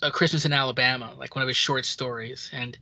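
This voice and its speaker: A podcast co-host with a bright, clear tone tells film scenes with animated energy. Quoted lines get acted out along the way. The recording is close and dry, with no room sound. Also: medium pitch, fast talker, dry recording. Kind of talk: casual film chat.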